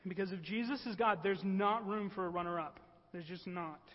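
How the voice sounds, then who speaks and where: Guy with a high voice giving an earnest sermon, echoey hall, kinda muffled. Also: a little fast. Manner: earnest, often asks the room "right?". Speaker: preacher. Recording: echoey hall, dull lo-fi sound.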